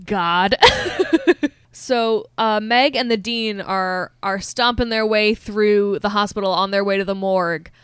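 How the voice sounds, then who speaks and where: A woman's voice: mid-range voice, measured pace, clean tone, no room sound. A young woman co-hosting a podcast, recapping a film in casual chat, gushing and acting out quotes with lots of filler words. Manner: gushing, animated, acts out quotes with many filler likes. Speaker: podcast co-host.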